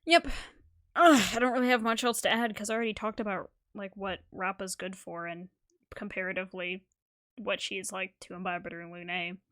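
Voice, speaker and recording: A woman's voice: medium pitch, brisk, a bit bright. A woman in her twenties, a gaming creator giving casual reaction commentary, giggly and rambling, talking into a desk mic.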